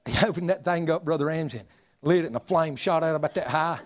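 A man's voice: fairly high pitch, fast talker. Folksy preacher man in his forties. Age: 40s. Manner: folksy, humorous, animated storytelling. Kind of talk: storytelling sermon.

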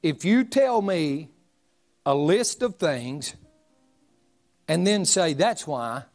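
A man's voice: a little high, animated, takes it slowly, a little mellow, faint music behind. A man, preaching a sermon as a folksy, humorous storyteller. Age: 40s.

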